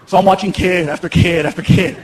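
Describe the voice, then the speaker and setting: A man in his thirties doing animated stand-up comedy on stage, acting out voices as he tells stories. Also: sits high, brisk. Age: 30s. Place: theater stage with audience.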